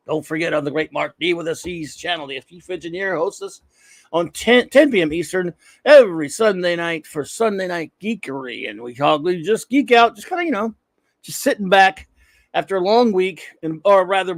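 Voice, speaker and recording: Guy hosting a livestream, loud and upbeat, a bit high, gravelly, dry sound. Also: no room sound. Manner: energetic, loud shout-outs to viewers. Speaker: livestream host. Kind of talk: casual livestream chat.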